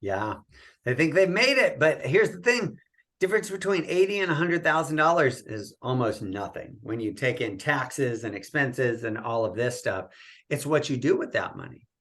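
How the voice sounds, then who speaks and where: A man talking as a guest in a podcast interview, coaching in an animated way and often ending his points with a quick "right?". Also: medium pitch. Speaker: real estate coach, guest.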